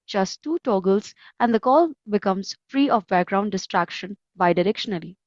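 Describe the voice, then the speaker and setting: Indian-accented female call center agent, measured delivery, dull call-quality audio. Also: medium pitch, expressive, a little mellow, no echo. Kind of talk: scripted product demo.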